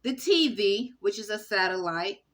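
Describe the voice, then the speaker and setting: A woman talking straight to camera in a rambling, halting monologue full of fillers and restarts. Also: mid-range voice, lively intonation, fairly bright tone. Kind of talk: casual spoken monologue.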